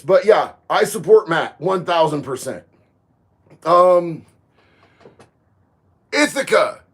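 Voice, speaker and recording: A man, chatting casually on a livestream, reading viewer comments and getting loud and emphatic on his opinions. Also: sits high. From Florida. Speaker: livestream host.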